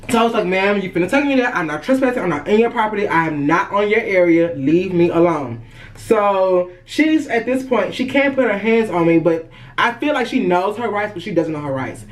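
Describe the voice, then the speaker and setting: A woman vlogger telling a story straight to camera. She is animated and dramatic, swears freely, and keeps calling out to her viewers as she goes. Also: on the low side, rough recording. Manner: animated, profane, dramatic retelling; addresses viewers as y'all. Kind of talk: storytime vlog.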